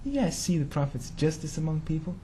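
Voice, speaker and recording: A man's voice: a little high, sing-song, a little fast, warm tone, a little hiss or hum. A man telling a religious story in a sermon, talking casually and slangily and firing rhetorical questions at his listeners. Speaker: preacher.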